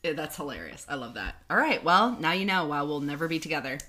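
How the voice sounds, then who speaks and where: Chatty podcast woman, bright voice. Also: sits low, big pitch swings, fast talker. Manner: chatty, lots of fillers, laughs easily. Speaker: podcast co-host. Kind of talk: casual chat. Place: in person with co-host.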